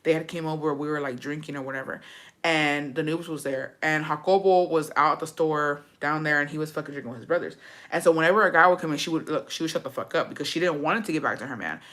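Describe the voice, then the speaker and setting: Bright-voiced gossiping woman vlogger. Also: low voice, fast. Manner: profane, gossipy, animated. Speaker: storytime vlogger. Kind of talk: casual storytime chat.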